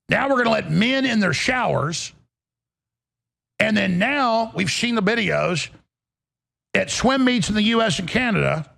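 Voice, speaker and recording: A talk show host, a man, ranting in an angry, blunt and crude way with a gravelly, raspy voice. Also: sits high, a bit bright. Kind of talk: heated political talk rant.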